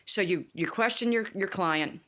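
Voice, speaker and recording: A woman vlogging in a casual, indignant rant, animated and swearing freely as she retells a TV plot. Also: medium pitch, normal speed. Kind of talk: casual rant about a TV show.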